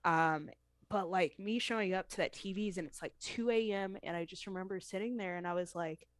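A woman's voice: fairly low pitch, a little fast, no echo. A woman in her thirties telling her story in a candid interview, earnest and heartfelt as she retells what happened. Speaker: professional wrestler interviewee.

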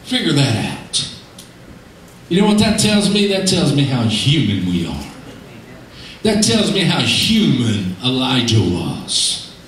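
A man preaching a sermon, emphatic and animated, swinging between shouts and low asides, heard from far off in an echoey church hall. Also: takes it slowly.

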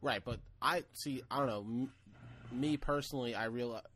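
A man's voice: mid-range voice, moderate pace, fairly bright tone, slight background noise. A man co-hosting a podcast, talking in a casual, rambling way, full of "like" and "you know what I mean", swearing now and then. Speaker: podcast co-host. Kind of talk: casual chat. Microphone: camera, video call.

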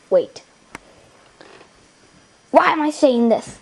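A woman's voice: high-pitched, very animated, unhurried. A woman doing improvised toy role-play, voicing several dolls in a playful manner with sudden squeals.

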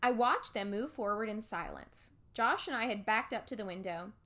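A woman's voice: mid-range voice, expressive, normal speed, bright, forceful tone. A woman teacher reading a chapter book aloud to a class, stopping to explain words in simple terms.

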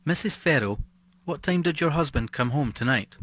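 A man's voice: a little high, expressive, normal speed, a bit bright, no echo, voice pushed up. A stern, clipped police officer questions politely in a slightly raised voice, as a male audiobook reader puts him on. Dry, close sound with no room.

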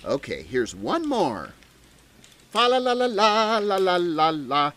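Bubbly female Christmas tree mascot, voiced by a woman, slow and hugely swooping, coaxing the audience to join in. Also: fairly low pitch, huge pitch swings, heavy background noise, exaggerated voice. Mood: playful. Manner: bubbly, giggly, sing-song, coaxing an audience. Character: cheerful female talking Christmas tree, jolly host. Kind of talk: children's show character voice. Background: jingle bell music.

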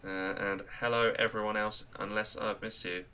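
Greeting viewers throughout, this English-accented man commentates live on a strategy game match in an excitable, chatty way. His pitch is fairly low and his pace moderate.

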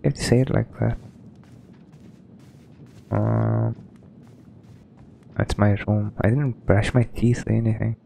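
A man's voice: fairly low pitch, steady tone, slow, creaky, pauses often, mellow, slight background noise. A man giving casual, rambling let's-play commentary, hesitant and full of ums. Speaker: gaming streamer.

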